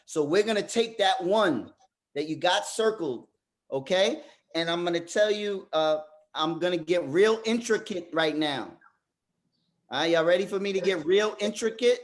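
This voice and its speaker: A man leading a motivational group coaching session over a video call, talking straight to the group as a lively storyteller. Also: a little high. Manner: animated storyteller, addresses the group directly. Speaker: workshop facilitator.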